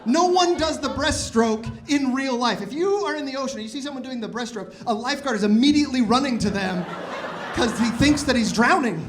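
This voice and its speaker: A man in his thirties doing a stand-up comedy set in a comedy club, with animated, exasperated ranting that climbs to loud outbursts. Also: extremely high pitch, a little fast, noisy background. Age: 30s.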